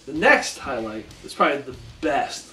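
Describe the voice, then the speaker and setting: A man co-hosting a casual podcast, retelling events with animated acted-out quotes. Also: mid-range voice, normal speed, reverberant, distant mic, faint music behind. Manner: animated storyteller, acts out quotes. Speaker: podcast co-host. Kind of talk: casual recap chat.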